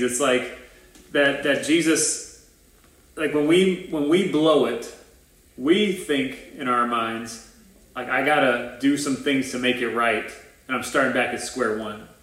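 A man's voice: medium pitch, fairly bright tone. A man preaching a sermon at a church service in a conversational, casual way, acting out the lines of the people in his story. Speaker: pastor. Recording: roomy echo, voice from a distance.

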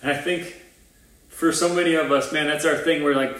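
A man's voice: fairly high pitch, little pitch movement, fairly quick, fairly bright tone. A man preaching a sermon at a church service in a conversational, casual way, acting out the lines of the people in his story. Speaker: pastor. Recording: roomy echo, voice from a distance.

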